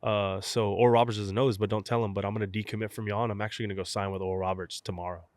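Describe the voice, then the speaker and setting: A young man from South Texas with a fairly low voice tells a story in an easy, casual way. He acts out each side of the conversations he remembers. The sound is dry and close, with no room echo. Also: rapid-fire. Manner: animated storyteller, acts out both sides of phone calls. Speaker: guest, professional baseball catcher.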